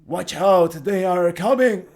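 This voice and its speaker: Man doing a wary adventurer, firm measured warnings, tabletop game, slow. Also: high-pitched, darkish tone, pitched above the performer's own voice. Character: calm, knowing adventurer expecting a fight.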